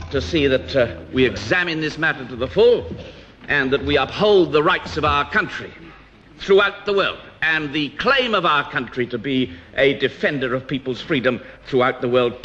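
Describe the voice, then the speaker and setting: A man's voice: medium pitch, sharp tone, slight background noise. Man speaking in a parliamentary debate. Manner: rhetorical, emphatic, with pauses and restarts. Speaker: opposition politician. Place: House of Commons debating chamber. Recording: dull archive parliamentary broadcast.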